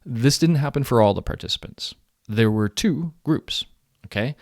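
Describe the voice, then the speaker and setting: A man's voice: medium pitch, animated, moderate pace, gravelly, no room sound, studio quality. A man giving a recorded university lecture in a conversational way, with restarts and acted-out quotes. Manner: conversational, acts out quoted people animatedly.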